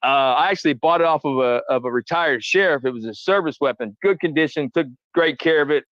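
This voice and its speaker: A high-voiced man speaks as a guest, telling his story with lots of swearing, repeated words and quotes of his own earlier remarks. His voice sounds dull and lo-fi, in a dry, close recording with no room sound. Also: brisk, no echo. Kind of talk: heated profane storytelling.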